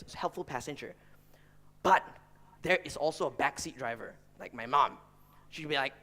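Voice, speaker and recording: A man's voice: medium pitch, normal speed, long pauses. A man giving a motivational talk to company founders, telling stories animatedly and acting out the people in them. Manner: animated storyteller, acts out voices, laughs often. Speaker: speaker addressing founders.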